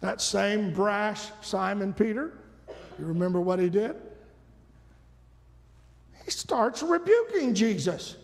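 A man preaching a dramatic storytelling sermon, swinging from loud to hushed. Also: sits high, slow, vocal fry, pauses often. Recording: long reverb of a large hall.

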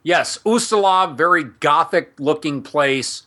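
A man with a bright, forceful, fairly high voice hosts a tabletop role-playing podcast. He rambles casually, throws asides to listeners, and reads lore passages aloud. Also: animated, takes it slowly. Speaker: podcast host and game master. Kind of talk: casual chat mixed with reading setting text aloud.

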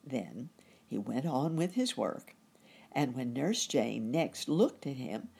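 Low, slow-reading woman storyteller. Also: vocal fry, breathy edge. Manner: gentle, expressive.

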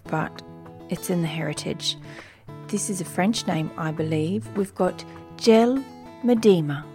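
Woman, Australian accent, podcast host, fairly low voice, earnest, faint music behind. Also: a little mellow. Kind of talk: podcast intro and episode overview.

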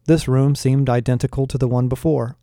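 Man, audiobook narrator, mellow dark tone, dry close sound, measured wry delivery. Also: mid-range voice, steady tone, no echo. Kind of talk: first-person audiobook narration.

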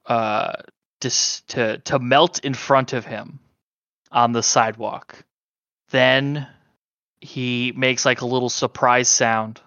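A game master narrates a tabletop horror game slowly and hesitantly, pausing often and filling gaps with ums and other fillers. His medium-pitched voice is bright and smooth, though it sounds a little dull and lo-fi. The room is dry, with no echo.

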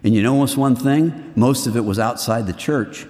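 A middle-aged man preaching to a group of men in a lively, earnest way, swinging between loud and hushed. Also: medium pitch, normal speed, big-room sound. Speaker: men's ministry speaker. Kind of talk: sermon.

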